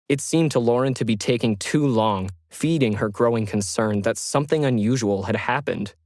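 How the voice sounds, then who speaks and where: A man giving measured, scripted narration of a science fiction story. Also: mid-range voice, darkish tone, no echo, clean studio sound.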